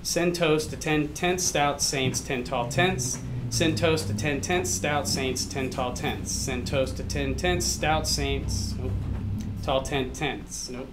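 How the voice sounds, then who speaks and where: A man, a math teacher, slowly working through a tongue twister with joking asides. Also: mid-range voice, fairly even intonation, over music. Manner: slow, joking self-commentary. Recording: noisy live stream audio.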